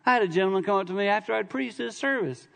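A man's voice: high-pitched, rapid-fire, gravelly, a bit bright. Middle-aged guy preaching, chatty and funny, punchy bits, echo-y church hall. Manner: conversational, storytelling with humor and bursts of emphasis. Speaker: visiting preacher. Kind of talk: sermon. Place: church sanctuary. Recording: long hall reverb in a church.

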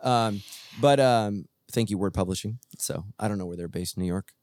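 Low-voiced joking man on a podcast. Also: moderate pace, no room sound, clean studio sound. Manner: animated, joking, self-deprecating with many restarts. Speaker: podcast co-host, pastor. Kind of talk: casual chat.

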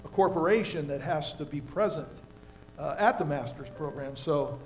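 An older American man preaching a sermon as pastor, telling folksy stories with props and swinging between quiet and loud. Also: fairly high pitch, moderate pace.

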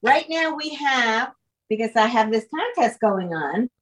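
A woman's voice: fairly high pitch, a little slow. Chatty middle-aged woman podcast host. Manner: chatty and animated, laughs easily. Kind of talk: casual chat.

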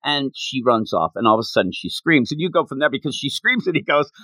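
Animated man retelling a manga. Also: mid-range voice, fast talker, no room sound. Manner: animated retelling with playful character voices. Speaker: podcast co-host. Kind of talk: casual manga discussion.

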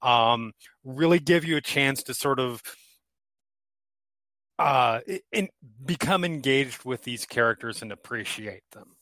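A man co-hosting a podcast, offering short, measured comments and affirmations. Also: mid-range voice, expressive, fairly bright tone, dry recording. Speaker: podcast co-host. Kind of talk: casual podcast discussion.

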